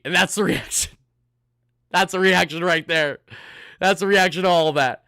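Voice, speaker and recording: A man's voice: a little high, lively intonation, moderate pace, sharp tone, no room sound, studio quality. A man hosting a live postgame stream, hyped and thanking donors one after another. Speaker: sports channel host.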